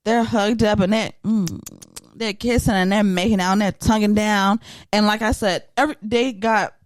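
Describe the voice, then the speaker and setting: A woman hosting a casual podcast chat, retelling a story with lively energy and acting out the voices of the people in it. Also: mid-range voice, moderate pace, dry recording. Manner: animated storyteller who acts out voices. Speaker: podcast host.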